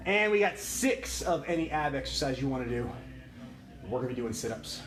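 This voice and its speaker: A man's voice: medium pitch, expressive, brisk, fairly bright tone. A man teaching a livestreamed kickboxing class, counting reps and joking with the students. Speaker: kickboxing instructor. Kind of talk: livestreamed workout class instruction. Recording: echoey room with music behind.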